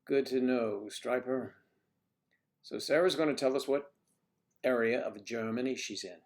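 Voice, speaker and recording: A man's voice: mid-range voice, unhurried. A man hosting a casual livestream, chatting with viewers and reading their comments, teasing and muttering asides to himself.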